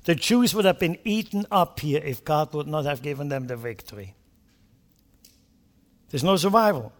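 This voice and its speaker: A male preacher giving an impassioned sermon, speaking straight to the congregation with rhetorical questions and sudden loud emphatic bursts. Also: on the high side, animated, moderate pace, in a large hall. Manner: impassioned, swinging between quiet asides and loud emphatic bursts.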